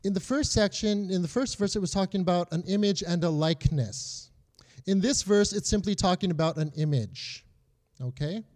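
A man's voice: high-pitched, moderate pace, a little mellow. A young adult man teaching a Bible lesson in a conversational way, often checking in with his listeners.

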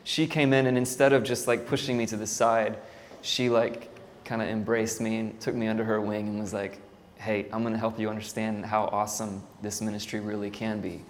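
Worship pastor storytelling in a reverberant hall. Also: male voice, lowish voice, level tone, a little fast. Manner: casual storytelling, self-deprecating, many fillers. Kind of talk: church talk. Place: church hall. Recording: hall reverb, faint ambient noise.

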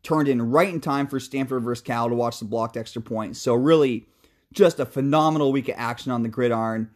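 A man's voice: mid-range voice, brisk. A young man hosting a casual sports talk show, ranting heatedly about football, swearing freely and then talking himself back down. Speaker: sports podcast host. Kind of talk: casual sports commentary rant.

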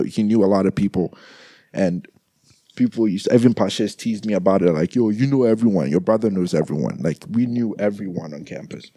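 A young man speaking in a halting, soft-spoken personal monologue, grieving and trying not to cry, often repeating his words. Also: on the low side, no echo. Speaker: grieving brother addressing listeners.

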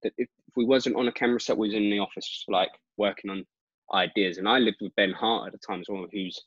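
A British man with a fairly low voice chats as a guest, telling stories with energy and a stream of "like" fillers. The recording is dull and dry, with a lo-fi sound. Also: a little fast, breathy edge, no room sound. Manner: animated, lots of "like" fillers. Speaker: guest magician. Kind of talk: casual storytelling chat.

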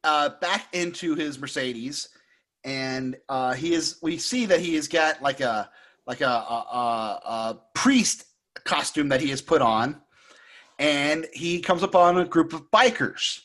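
A man co-hosting a podcast, recapping a film in a casual, jokey way and slipping into squeaky impressions. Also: unhurried. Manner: animated storyteller who puts on squeaky impressions; jokey, laughs often. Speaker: podcast co-host.

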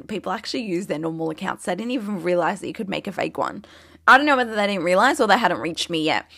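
A woman's voice: medium pitch, a bit bright, dry recording, studio quality. A young woman with an Australian accent, a social media creator talking casually and candidly, full of "like" and easy swearing. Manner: chatty, peppered with "like", swears casually.

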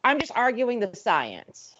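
A woman's voice: on the high side, wildly swooping pitch, unhurried, fairly bright tone. A woman co-hosting a casual movie commentary chat, exasperated, sarcastic and nerdy, on slightly dull lo-fi audio. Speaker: podcast co-host.

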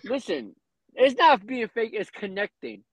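High-voiced man joking over others. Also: big pitch swings, a little slow, a bit bright, dry recording. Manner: interrupting, joking, keeps saying "listen". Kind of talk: casual podcast banter.

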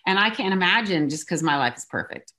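A woman's voice: on the low side, animated, a little fast, sharp tone. A woman executive coach being interviewed, explaining her points emphatically and acting out little examples. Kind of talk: conversational interview.

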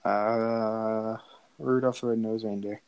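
A man's voice: on the low side, flat delivery, takes it slowly, clean tone, highs cut off. Teasing young man in casual chat. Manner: teasing, insistent storyteller.

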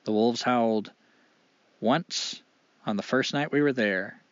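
Expressive male oral storyteller, dramatic pauses; dull, dry lo-fi recording. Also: medium pitch, dry recording.

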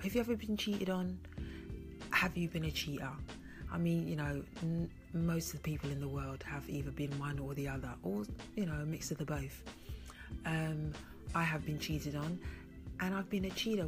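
A low-voiced woman hosts a laid-back podcast, chatting and teasing her guest with frequent laughter. Faint music plays behind her. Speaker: podcast host. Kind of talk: casual podcast chat.

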